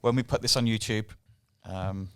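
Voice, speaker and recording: A man's voice: on the low side, steady tone, normal speed, clear, resonant tone, no echo, studio quality. A man hosting a podcast, casual and teasing, with a wry presenter manner. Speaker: podcast host. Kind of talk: casual chat.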